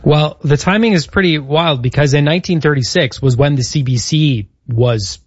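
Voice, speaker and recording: A man's voice: on the high side, normal speed, husky, no echo, muffled recording. A man co-hosting a casual chat, telling history from his notes. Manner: storytelling, reading out history notes. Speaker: podcast co-host.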